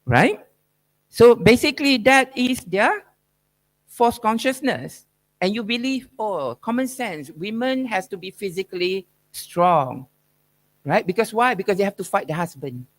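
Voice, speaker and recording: A man delivers an academic keynote lecture, pushing his points with rhetorical questions and "right?" tags in a probing, emphatic style. His voice is high-pitched and expressive, and he takes his time.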